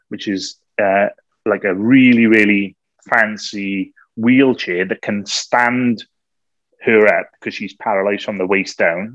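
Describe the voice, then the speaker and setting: A man co-hosting a podcast, telling a story in a lively way, often laughing and acting out what people said. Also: on the low side, no echo. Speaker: podcast co-host. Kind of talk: anecdotal storytelling. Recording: slightly dull, dry recording.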